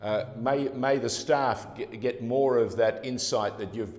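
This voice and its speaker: A man's voice: medium pitch, a little slow. A man hosting a conversational interview, effusive and full of "uh" fillers. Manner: effusive, warm praise with frequent "uh" fillers. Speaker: interviewer host. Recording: echoey room with long reverb.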